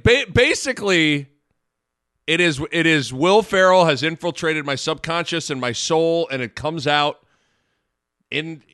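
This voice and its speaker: A male podcast co-host chatting casually and animatedly, breaking into yelled bits. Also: a little high, no room sound, clean studio sound. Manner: animated, bursts into yelled impressions. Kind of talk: casual chat.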